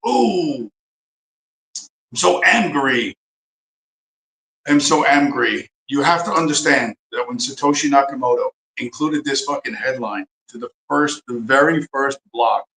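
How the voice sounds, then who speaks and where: Man, livestream host, angry profane rant, repeats himself, mid pitch, echoey room. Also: a bit bright. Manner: profane, heated, repeats phrases for emphasis.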